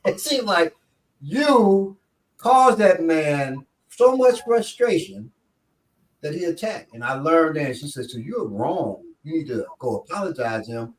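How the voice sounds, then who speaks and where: A man, telling a story in casual talk and acting out quotes with big pitch jumps. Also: very animated, measured pace, recorded from a distance. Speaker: show instructor telling a story. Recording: echoey room, voice off-mic.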